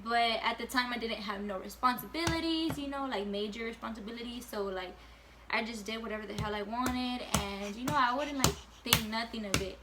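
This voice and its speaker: A woman's voice: a little high, brisk, very noisy. A woman in her late teens telling a casual storytime at home, chatty and full of fillers, swearing freely. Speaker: vlogger.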